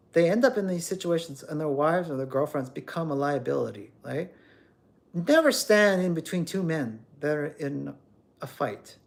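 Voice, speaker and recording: A man's voice: on the high side, vocal fry. A man hosting a livestream, ranting bluntly and emphatically, often repeating words as he scolds. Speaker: livestream host.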